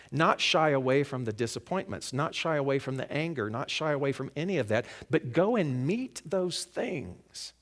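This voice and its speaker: A man at a middling pitch delivers a storytelling sermon to a congregation at a spiritual center. He is reflective, dropping to a near-hush on key lines and rising with emphasis when he wants to drive a point home. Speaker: guest speaker at a spiritual center.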